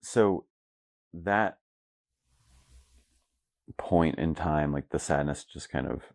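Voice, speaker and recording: A woman hosting an interview podcast, gently affirming her guest and asking follow-up questions. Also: extremely low pitch, takes it slowly. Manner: gentle, affirming listener with frequent backchannels. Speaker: podcast host. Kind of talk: conversational interview.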